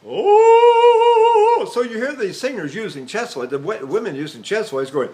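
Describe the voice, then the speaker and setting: Older man, tenor voice teacher, high voice, very animated pitch, lecture with sung demos. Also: fairly quick. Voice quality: trained tenor voice. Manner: demonstrates with sung syllables and vowels, talks with fillers and restarts. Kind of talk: vocal lecture with sung demonstrations.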